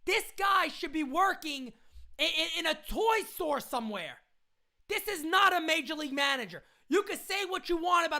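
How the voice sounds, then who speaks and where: A woman ranting loudly and indignantly into a phone camera, repeating her points as a sports fan. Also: very high voice, lively intonation, normal speed. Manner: loud, indignant, repetitive ranting. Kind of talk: live rant into a phone camera.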